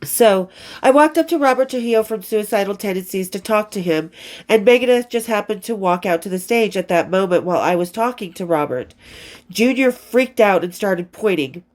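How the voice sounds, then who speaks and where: A woman in her fifties, medium-pitched and expressive with a darkish tone, reads from her old diary at a moderate pace. Casually telling rock stories, she rambles and curses, often losing her place and starting afresh.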